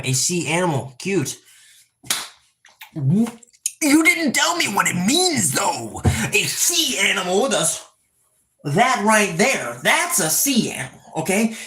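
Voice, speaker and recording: A man's voice: on the high side, a bit bright. A young man chatting casually on a live stream, reading chat aloud and acting out animals.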